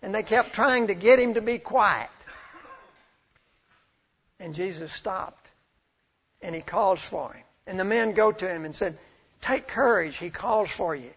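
A man preaches a sermon as a storyteller, his loudness rising and falling. His voice sits high and has a gravelly, husky grain. The recording sounds dull and lo-fi. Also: a little slow, pauses often. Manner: storytelling, swells and drops in loudness.

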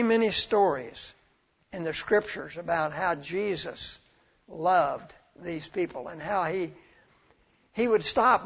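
A man preaches a sermon as a storyteller, his loudness rising and falling. His voice sits high and has a gravelly, husky grain. The recording sounds dull and lo-fi. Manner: storytelling, swells and drops in loudness.

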